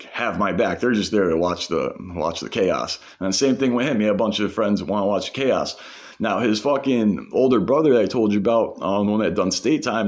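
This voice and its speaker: A man telling a personal story in a casual, rambling way, heavy on swearing and "like". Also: on the low side. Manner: profane, rambling, full of "like".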